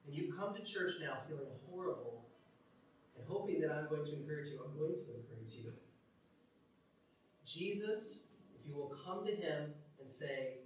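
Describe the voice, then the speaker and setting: A man preaching a sermon as pastor, telling stories animatedly, acting out quotes and dropping from loud to hushed. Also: on the high side, expressive, moderate pace, slight background noise. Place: church. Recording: echoey church hall from far off.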